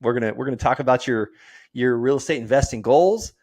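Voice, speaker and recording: A man hosting a podcast, energetic and joking, ending with a salesy call to action. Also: mid-range voice, fairly quick. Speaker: podcast host. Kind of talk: casual interview and sign-off pitch. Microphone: portable setup.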